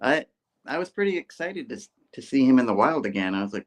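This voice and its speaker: A man co-hosting a casual podcast chat, excitable and quick to laugh. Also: mid-range voice. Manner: excitable, giggly. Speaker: co-host.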